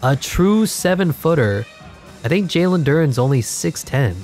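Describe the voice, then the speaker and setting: A man giving jokey, excitable play-by-play over a video game, his voice congested and wearing out, breaking into sudden yells. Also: a little high, normal speed, soft background music. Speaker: gaming commentator. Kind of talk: live game commentary.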